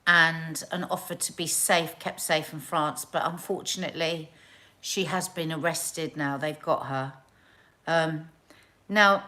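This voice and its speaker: English woman hosting a live chat, lowish voice, earnest and emotional, keeps restarting. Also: sharp tone. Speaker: live show host.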